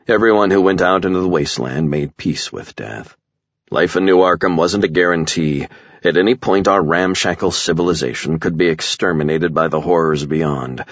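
Very deep, gravelly man narrating. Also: dry recording, dull audio. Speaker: audiobook narrator. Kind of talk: first-person scripted narration.

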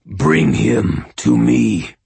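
A purring, seething inhuman creature drags out every word in a deep, husky growl. It sounds set back from the mic, like a voice on a phone line, as a male narrator puts it on. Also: very slow, darkish tone, no room sound, heavily acted. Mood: menacing. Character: menacing inhuman skinwalker, purring and snarling. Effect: heard over a phone line.

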